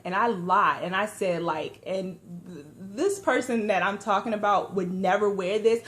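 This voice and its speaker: A young adult woman vlogger telling a story to her viewers in slangy, animated, conversational talk, with lively asides. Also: lowish voice, a little slow. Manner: animated storytelling with lively asides and sudden hushed or loud turns. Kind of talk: casual storytime vlog.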